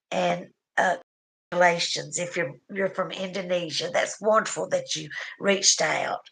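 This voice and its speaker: A woman's voice: lowish voice, creaky, fairly bright tone, low-quality recording. A middle-aged woman with a Southern US accent, tearful, rambling through an emotional livestream chat and often trailing off. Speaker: livestream host.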